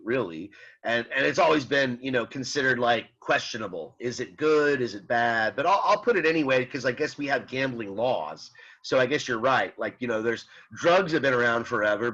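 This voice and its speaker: A male instructor talks through an ethics class in a loose, rambling way, full of fillers and restarts. His voice is bright and forceful, at an ordinary pitch. The recording sounds slightly muffled. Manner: reads out student comments and answers them. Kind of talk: casual classroom lecture.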